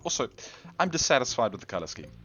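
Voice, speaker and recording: A man's voice: medium pitch, big pitch swings, fast, fairly bright tone, faint music behind. A man hosting his gaming channel, rambling in casual gameplay commentary, self-deprecating and talking straight to the viewer.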